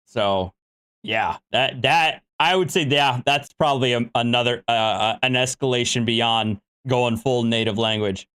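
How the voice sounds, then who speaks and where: A man's voice: medium pitch, unhurried, a bit bright, smooth. A man hosting a show, giving laid-back, wry commentary on video clips, with an easy flow dotted with fillers. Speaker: host.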